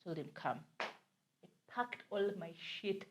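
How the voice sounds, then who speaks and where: Kenyan girl co-hosting a podcast, animated storytelling, drops swahili slang. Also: fairly low pitch, slow pace, noisy background. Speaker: podcast co-host. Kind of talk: casual storytelling chat.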